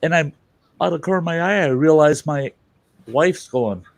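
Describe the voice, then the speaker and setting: A man hosting a live stream, telling stories in casual chat, animated and swearing freely, laughing as he goes. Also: a little high, normal speed.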